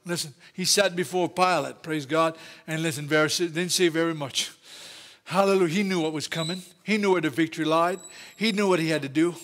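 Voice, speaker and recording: A man's voice: a little high, fairly quick, a bit bright. A man with a Louisiana Southern accent preaching a fervent sermon as pastor in a church, often exclaiming praise and hallelujah. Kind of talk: Pentecostal-style sermon. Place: church sanctuary.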